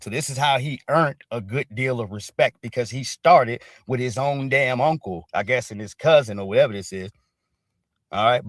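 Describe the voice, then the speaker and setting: A man's voice: fairly high pitch, a bit bright, no echo. A man hosting a casual livestream, talking loose and emphatic and checking in with "all right?" after nearly every point. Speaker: show host.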